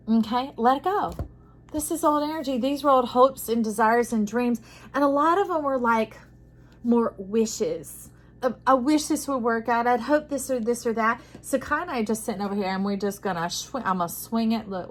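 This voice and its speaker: A tarot reader gives an intuitive reading to camera, talking soothingly and calling the listener "friend." She shifts between soft hushes and emphatic bursts in a fairly high-pitched voice. The recording is low quality.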